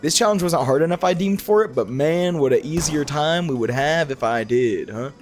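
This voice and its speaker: A man's voice: on the high side, normal speed, faint music behind. A young man giving casual, rambling commentary as he plays a video game, often restarting his sentences. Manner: rambling, animated, frequent self-corrections. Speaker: gaming YouTuber.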